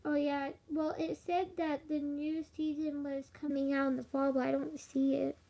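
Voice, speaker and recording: Tired high-voiced young woman streaming live. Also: level tone, moderate pace, warm tone. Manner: rambling, with frequent fillers and laughs. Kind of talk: casual live stream chat.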